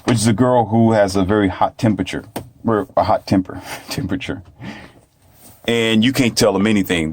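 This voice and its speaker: A man's voice: sits low, darkish tone, no echo. A man telling a story in a blunt, preachy monologue that repeats itself. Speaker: vlogger.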